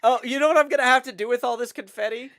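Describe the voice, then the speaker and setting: A man's voice: extremely high pitch, fairly even intonation, very fast, a bit bright. A man hosting a livestream, chatting playfully and reading chat messages aloud. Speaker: streamer host.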